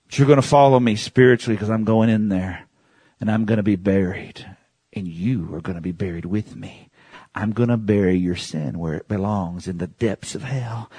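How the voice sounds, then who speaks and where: Husky-voiced pastor preaching with swings. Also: male voice, on the low side, no room sound. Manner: swings from hushed asides to shouting, laughs often; calls on the congregation to repeat phrases. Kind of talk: sermon.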